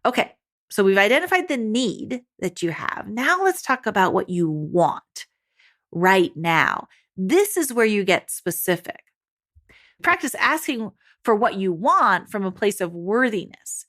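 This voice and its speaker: A woman's voice: a little high, animated, unhurried, fairly bright tone. A woman life coach talking to mothers in a monologue, upbeat and encouraging, speaking straight to her listeners.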